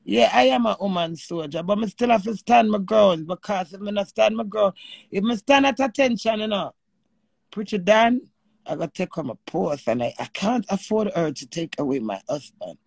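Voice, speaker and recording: A woman with a Jamaican accent hosting a live stream with callers. She is animated and emotional, and swears freely in patois. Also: mid-range voice, moderate pace, vocal fry, husky, no room sound.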